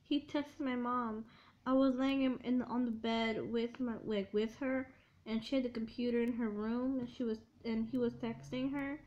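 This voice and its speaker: A young woman tells her own heartbreak story in a tearful, heartfelt way. She talks haltingly, often restarting and repeating herself. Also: on the high side, fairly even intonation, a little mellow. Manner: halting and repetitive, with many restarts and fillers. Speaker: vlogger. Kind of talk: emotional storytime confession. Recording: dull lo-fi recording.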